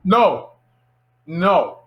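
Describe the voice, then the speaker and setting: A man's voice: sits high, drawn-out words, muffled recording. A young man from Miami, a filmmaker, telling a story as an interview guest, acting out the people in it. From Miami, United States. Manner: animated storyteller acting out quotes.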